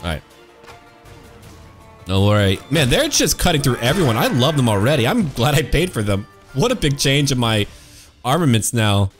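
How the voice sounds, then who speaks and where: A man's voice: very animated, moderate pace, soft background music. A man commenting while he plays a video game, playful and joking, slipping into mock-pompous old-fashioned phrasing and yelping with laughter. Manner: playful, jumps to high silly exclamations and laughs. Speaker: gameplay commentator. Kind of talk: let's-play commentary.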